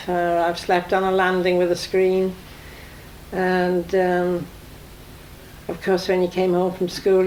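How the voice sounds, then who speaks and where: Flat-voiced woman recalling childhood. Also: lowish voice, a little hiss or hum, rough recording. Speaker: interviewee. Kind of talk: archive oral-history recollection.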